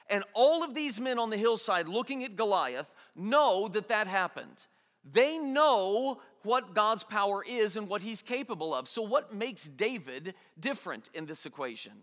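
A man preaching a sermon in an animated way, acting out the people in the story in everyday voices. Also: sits high. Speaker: pastor. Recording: long hall reverb.

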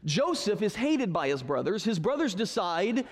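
Joking, high-voiced male preacher. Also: big pitch swings, moderate pace. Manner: joking, sarcastic storyteller. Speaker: pastor. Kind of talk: humorous Bible teaching. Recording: reverberant hall.

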